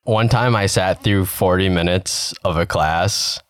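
A man's voice: sits low, unhurried, fairly bright tone, dry recording, studio quality. A young man in casual chat, telling an embarrassing story step by step in a laid-back way. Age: young adult.

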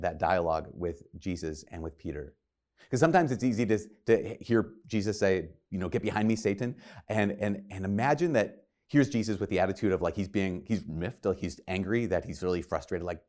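A man's voice: low voice, a little fast, a little mellow. A man preaching a sermon in an earnest, conversational way, retelling scripture with quoted dialogue.

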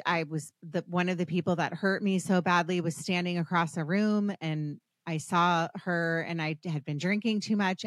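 A woman's voice: fairly low pitch, dry recording, clean studio sound. A woman hosting a podcast interview, talking in an earnest, gushing, rambling way with many restarts. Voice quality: earnest, gushing, gets emotional. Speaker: podcast host. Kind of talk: casual interview chat.

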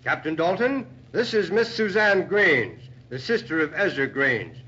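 An actor playing a genial shipping office owner in a radio drama, from a dull old radio recording. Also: male voice, on the high side, sing-song, measured pace, bright, forceful tone, a little hiss or hum, heavily acted. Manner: genial, chuckling.

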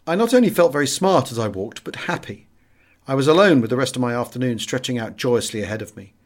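A man narrating an audiobook in the first person, measured and expressive. His voice sits at an ordinary middle pitch for a man, and the reading moves at an unhurried pace. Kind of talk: audiobook narration of a wartime memoir.

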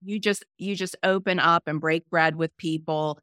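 A woman's voice: low voice, steady tone, moderate pace, a bit bright, dry recording, clean studio sound. A middle-aged woman hosting a podcast as a business coach, talking in an emphatic, persistent way that repeats phrases for effect. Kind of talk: casual podcast chat.

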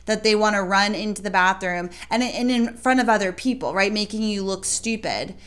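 A woman's voice: medium pitch, moderate pace, fairly bright tone. A woman in casual conversation, speaking emphatically and swearing freely as she vents. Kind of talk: casual podcast chat.

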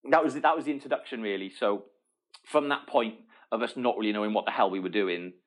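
A man's voice: lowish voice, fast. Guy in his middle years telling a story, keeps laughing, trips over his own words. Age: middle-aged. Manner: animated, laughing, restarts mid-sentence. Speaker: guest. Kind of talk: casual storytelling.

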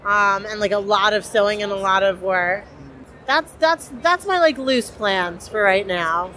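A woman's voice: mid-range voice, measured pace, sharp tone. A young woman cosplayer, chatty and enthusiastic with many fillers, interviewed at a convention. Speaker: cosplayer guest.

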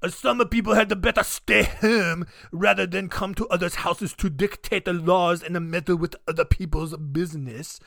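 A man putting on a stubborn, indignant old-time Southern gentleman with a mock Cajun accent. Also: high-pitched, fairly even intonation, moderate pace, vocal fry, few pauses, no echo, studio quality, exaggerated voice.

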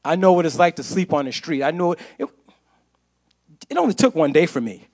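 A man's voice: a little high, sing-song, fairly quick, a little mellow. A man giving an impassioned testimony to a church congregation, repeating phrases for emphasis. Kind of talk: sermon testimony.

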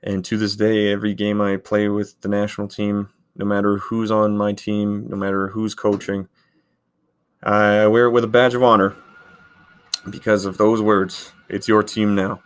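A man's voice: fairly low pitch, monotone, moderate pace, clear, resonant tone. A man in his thirties who hosts a podcast, telling a story in a casual, rambling way with lots of filler words. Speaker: podcast host, handball goalkeeper.

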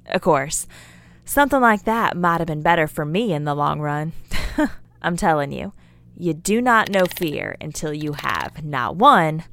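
A woman playing a folksy, chatty character who rambles and scolds her listener as she lectures him about memes. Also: lowish voice. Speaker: character in an audio drama monologue. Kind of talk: scripted character monologue.

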